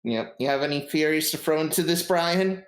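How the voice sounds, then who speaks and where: A man's voice: fairly high pitch, normal speed, roomy sound, rough recording. A man running a tabletop game as game master, hesitant, with many ums and uhs. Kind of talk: narrating a tabletop game, casual.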